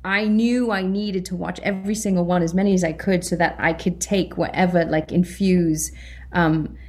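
A British woman, an actress, chatting in an interview, animated and laughing often as she acts out her own reactions. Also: lowish voice, normal speed. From Britain. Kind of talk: casual interview chat.

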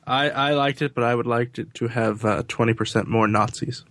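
A man's voice: medium pitch, fairly even intonation, a little fast, a bit bright, no echo. A man making wry jokes as a podcast guest on a voice call. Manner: wry, laughing. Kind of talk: casual chat. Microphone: computer mic on a voice call.

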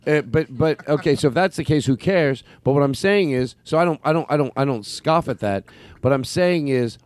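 A comedian hosts a podcast after-show, chatting in a loose, meandering way full of fillers, restarts, and self-interruptions. His voice is slightly high, expressive, and a little mellow, at normal speed, with no echo.

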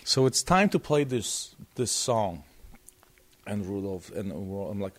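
A man being interviewed as a guest guitarist, telling a story in a lively, casual way, often repeating and restarting words. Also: lowish voice, slow.

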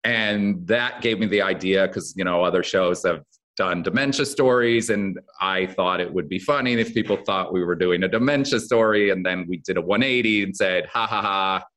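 A man's voice: sits low, normal speed, a bit bright. A man who writes a daytime drama, talking casually in an interview and rambling with lots of fillers and restarts. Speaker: soap opera head writer.

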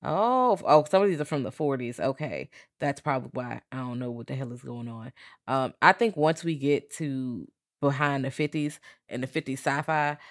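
A woman co-hosting a podcast, recapping a horror film in an animated, profane way. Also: extremely low pitch, moderate pace. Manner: animated storytelling, lots of swearing and quoted voices. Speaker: podcast co-host. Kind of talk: casual profane movie recap.

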